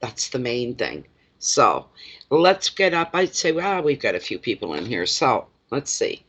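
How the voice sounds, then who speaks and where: A man's voice: medium pitch, very animated, measured pace, fairly bright tone, breathy edge, lo-fi sound. A man who reads tarot cards, chatting casually on a live stream, greeting viewers by name and rambling between readings. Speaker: tarot card reader.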